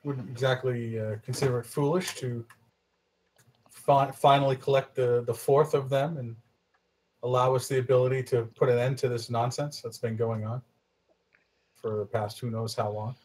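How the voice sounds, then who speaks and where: Man playing a wry bard adventurer, tabletop game, husky, loud, quick, confident. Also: medium pitch, level tone, natural voice.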